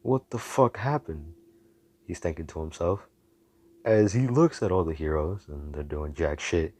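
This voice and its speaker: A man's voice: rumbling low, moderate pace, warm tone. A man telling a story in a casual, rambling way, full of slang and cursing.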